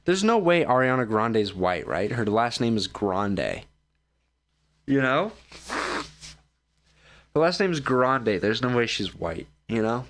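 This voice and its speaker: A man's voice: medium pitch, very animated, slow pace, long pauses, a bit bright. A man hosts his own show and talks through clips in a loose, meandering way. He sounds tired and keeps yawning. He pokes fun at himself as he goes. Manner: joking, self-mocking, loose. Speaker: streamer host reacting to videos. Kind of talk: casual rambling commentary.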